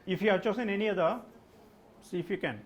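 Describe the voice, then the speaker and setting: In a live classroom lesson, a man with a high-pitched voice and quick pace trains students for an English test. He addresses the class with questions and explains the answers, saying "like" and "okay" a lot.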